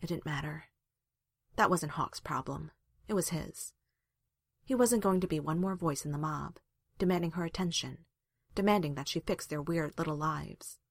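A woman narrating a story aloud in a calm, even reading voice. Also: low-pitched, moderate pace, dry recording, studio quality. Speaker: reader.

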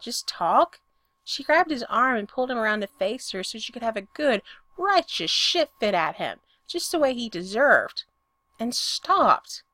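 A woman reading fiction aloud in an expressive, plain-spoken way. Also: on the high side, dry recording. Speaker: story reader.

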